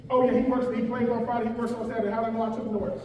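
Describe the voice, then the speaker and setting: A man in his forties gives an animated motivational talk to young athletes, joking and calling out to the crowd. His voice sits very high for a man. It rings through a big echoey hall, heard from well off the mic over clear room noise. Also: rapid-fire. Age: 40s. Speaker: guest speaker. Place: large event hall. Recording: echoey hall, voice picked up from far off.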